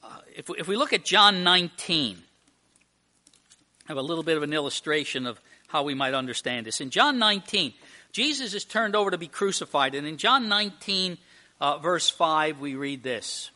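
A man's voice: fairly high pitch, animated, normal speed, pushed and bright. A male pastor preaching a sermon to his church at communion, emphatic and full of rhetorical questions.

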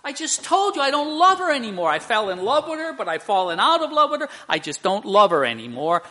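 A man voicing an indignant, exasperated married man who protests loudly. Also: medium pitch, wildly swooping pitch, normal speed, breathy edge, voice pushed down, full character voice.

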